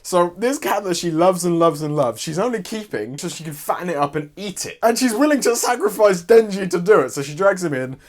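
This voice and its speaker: A young man casually recapping a story in a rambling, sweary, excitable way. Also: high-pitched, fairly quick, hardly any pauses. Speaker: YouTuber.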